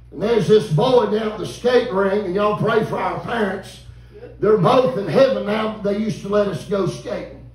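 A man, preaching a revival sermon in a folksy, animated storytelling way and calling out to the congregation. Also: sits high. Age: 50s. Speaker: visiting preacher. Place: church sanctuary. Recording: echoey church room, mic at a distance.

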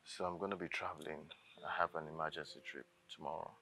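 A deep, gravelly smooth-talking lover. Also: male voice, fairly even intonation, quick pace, poor audio. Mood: coaxing. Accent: Nigerian. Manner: soft, coaxing, often half-whispered. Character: smooth-talking male lover, assured and evasive. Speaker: Doris's rich fiancé. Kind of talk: film drama acting. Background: soft guitar music.

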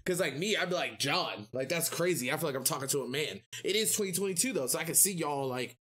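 A young woman from the United States giving casual, slangy reaction commentary in an animated, chatty way. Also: low-pitched, fast, husky. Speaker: reaction video host.

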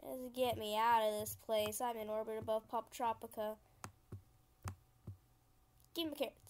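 A woman's voice: a little high, little pitch movement, moderate pace, slight background noise. A young woman casually commenting as she plays a computer game, chatty and easily frustrated, often laughing. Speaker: gaming channel host.

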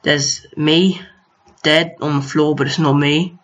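A man's voice: fairly high pitch, fairly even intonation, slow, fairly bright tone. Chatty young man over gameplay. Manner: chatty, talks to enemies on screen, mild exasperation. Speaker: gaming video host. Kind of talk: casual gameplay commentary. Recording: lo-fi home mic.

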